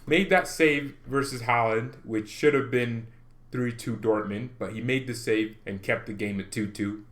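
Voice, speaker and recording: A young man hosting a casual football fan vlog, excitable and animated, laughing often as he ranks players. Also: mid-range voice, a little slow. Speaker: football channel host.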